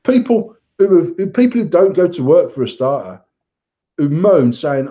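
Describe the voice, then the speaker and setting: A man's voice: fairly high pitch, sing-song, normal speed, warm tone. A man co-hosting a podcast, ranting bluntly in casual chat and swearing a lot. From England. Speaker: podcast co-host. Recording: dull lo-fi sound.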